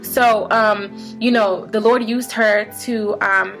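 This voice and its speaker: A young woman in her twenties tells her testimony in a relaxed, conversational way, her voice sitting at a middle pitch. She fills her sentences with casual fillers. Faint music plays behind her. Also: takes it slowly. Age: 20s. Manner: chatty, many fillers like "um" and "like". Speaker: vlogger sharing a faith testimony.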